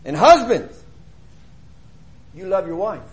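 High-pitched emphatic male preacher. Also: very animated, takes it slowly, highs cut off. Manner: emphatic, rhetorical questions, swings between loud and quiet. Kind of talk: sermon.

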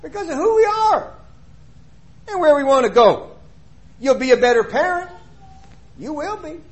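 Middle-aged man, preacher, very high lively voice, emphatic sermon delivery. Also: normal speed. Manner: emphatic, rhetorical questions, swings between loud and quiet.

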